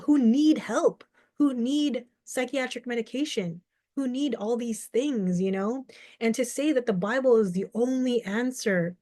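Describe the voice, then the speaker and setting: A woman's voice: fairly high pitch, darkish tone, no room sound. A young adult woman, a mental health advocate, giving earnest, reflective video commentary and explaining her view with everyday examples. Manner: acts out short quoted exchanges.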